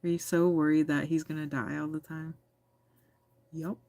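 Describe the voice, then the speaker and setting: A woman's voice: deep voice, flat delivery, normal speed, dark tone, no room sound. An American woman hosting a casual livestream, reading chat messages aloud with teasing, giggly chatter. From United States. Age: adult.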